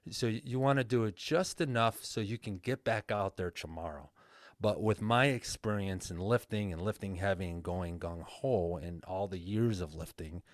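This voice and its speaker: Male guest coach, earnest and plain-spoken, deep voice, dry close sound. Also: moderate pace, no echo. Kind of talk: casual podcast interview.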